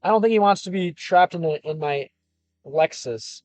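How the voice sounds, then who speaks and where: A man's voice: sits high, moderate pace, no room sound, faint music behind. Rambling young man streaming from his car. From Chicago, United States. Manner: rambling and loose, with frequent fillers and restarts. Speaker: gaming and language streamer. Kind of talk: casual livestream chat, reading viewer comments.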